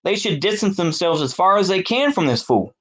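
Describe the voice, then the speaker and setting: A man's voice: high voice, expressive, brisk, fairly bright tone. A man with a Texan accent, ranting to camera as a political commentator, profane and exasperated, with sarcastic asides. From Texas. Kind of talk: solo rant to camera.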